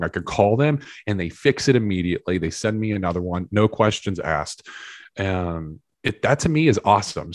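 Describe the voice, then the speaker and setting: Male podcast guest, low voice, lively storyteller, dry sound. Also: no echo. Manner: animated storyteller, acts out quotes. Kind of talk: casual conversation.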